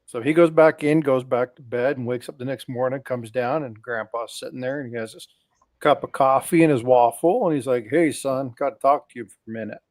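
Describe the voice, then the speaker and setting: A man's voice: mid-range voice, a little fast, darkish tone, dry recording. A man casually telling long jokes on a live stream, animatedly doing the characters' voices as he goes. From lived in Utah.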